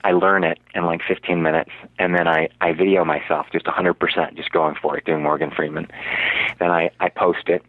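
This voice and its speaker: A man's voice: low-pitched, level tone, fairly quick, no echo. A male actor telling a story as an interview guest, rambling with many fillers and restarts. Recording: dry, tinny, phone-like radio audio.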